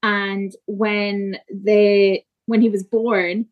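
A woman's voice: mid-range voice, little pitch movement, dull audio. Woman telling an emotional birth story. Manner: emotional, halting, frequent fillers. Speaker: podcast guest. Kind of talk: personal storytelling in conversation.

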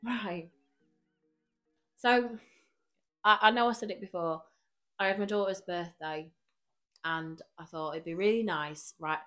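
A woman's voice: on the low side, a little slow, long pauses, soft background music. Chatty woman telling a story. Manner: animated anecdote-telling with frequent laughter and acted quotes. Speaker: podcast co-host. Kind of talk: casual chat, storytelling.

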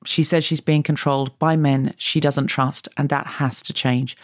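A woman podcast host speaking a sincere, measured message into a close mic. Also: low voice, little pitch movement, no echo. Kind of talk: earnest spoken message.

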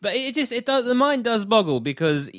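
A man's voice: very high-pitched, very animated, fairly quick, a bit bright. A man in casual podcast banter, rambling with lots of fillers and laughing often.

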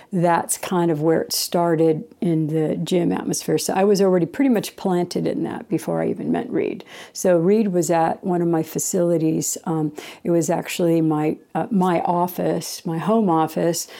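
A woman's voice: fairly low pitch, gravelly, warm tone. A middle-aged woman telling a rambling personal story in a casual way, acting out quoted lines as she goes. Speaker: interviewee.

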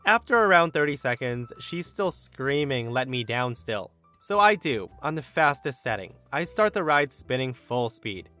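Animated, bright-voiced male story narrator. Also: a little high, unhurried, hardly any pauses, soft background music. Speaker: story narrator and podcast host. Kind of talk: reading internet stories aloud.

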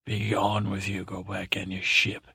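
A worldly old tomcat spins a meandering sea tale in a hushed voice, as a man puts him on. The voice is gravelly and raspy, recorded close and dry. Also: sits low, monotone, measured pace, dry recording, heavily acted. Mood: hushed, soothing. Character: worldly old tomcat storyteller, soothing, salty. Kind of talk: bedtime story to help sleep.

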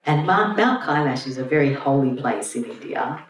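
A woman's voice: very deep voice, expressive, normal speed. A woman teacher retelling a myth to a group in a chatty, irreverent storytelling way. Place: room with an audience. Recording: roomy, distant mic, faint hum.

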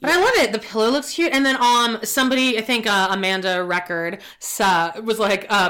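A woman's voice: on the high side, brisk, hardly any pauses, fairly bright tone. A woman co-hosting a casual podcast, chatty and loose, swearing casually and trailing off with fillers. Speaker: podcast co-host. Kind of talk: casual chat.

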